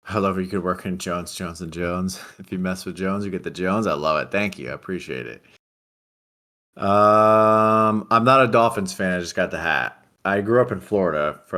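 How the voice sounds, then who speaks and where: A man with a very low, deep voice answers viewer questions in a flat, deadpan way. He speaks casually into a desk mic at a home streaming setup. It sounds like relaxed livestream chat. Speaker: livestream guest reading chat.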